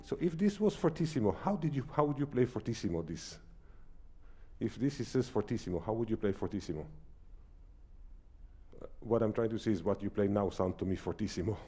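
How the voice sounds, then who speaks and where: A man's voice: lowish voice, expressive, fairly quick, dark tone, slightly rough. A man teaching a piano masterclass, singing rhythms with syllables as he coaches. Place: recital salon.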